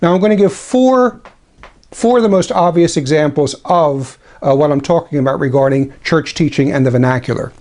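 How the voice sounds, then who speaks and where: A man giving a spoken religious commentary, deliberate and dryly critical, with ironic asides and slow, careful reading of quotations. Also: fairly high pitch, darkish tone. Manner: deliberate, slows for quoted passages. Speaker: traditionalist Catholic commentator.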